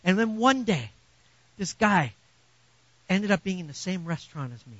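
Middle-aged guy preaching, higher voice, gets loud then drops quiet, kinda dull dry sound. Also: normal speed, dry recording. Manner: animated, swings from quiet to loud emphasis. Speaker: pastor. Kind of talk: sermon.

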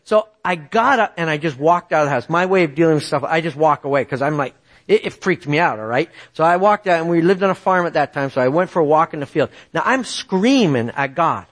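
A middle-aged man preaching a sermon, telling a personal story in an animated way and often checking in with the audience. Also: a little high, brisk.

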